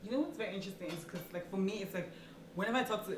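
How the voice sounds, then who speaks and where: A woman's voice: medium pitch, very fast. A woman hosting a talk show, chatting casually with her guest and laughing often. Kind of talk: casual interview chat. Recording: echoey room with faint noise.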